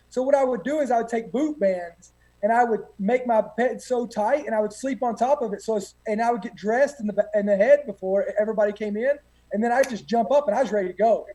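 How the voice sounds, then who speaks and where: A man's voice: very high voice, mellow, poor audio. A man, a guest telling boot camp stories in a rambling, profane way with many fillers. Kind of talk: casual storytelling.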